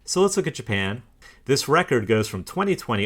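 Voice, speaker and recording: Low-voiced man scoffing through a chart walkthrough. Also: very animated, a little fast, vocal fry, fairly bright tone, breathy edge. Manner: scornful, argumentative, laughs dismissively. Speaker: commentator. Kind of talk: casual screen-share walkthrough.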